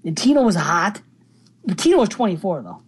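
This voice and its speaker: A profane, animated man riffs on horror film logic in a casual podcast chat. His voice sits fairly high and swings widely in pitch. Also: brisk, breathy edge. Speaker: podcast co-host. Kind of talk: casual movie review chat.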